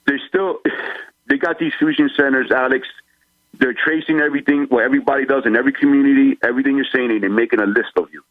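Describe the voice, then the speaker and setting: A man's voice: medium pitch, fairly even intonation, quick pace, no echo. Man on a tinny phone line. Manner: urgent, warning, plain-spoken. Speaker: caller. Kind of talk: call-in talk radio.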